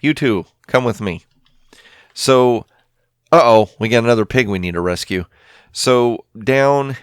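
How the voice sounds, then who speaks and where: A man's voice: lowish voice, expressive, measured pace, clean tone, no room sound. A man giving casual, rambling commentary over his own game, thinking aloud as he plays. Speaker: Minecraft let's play host.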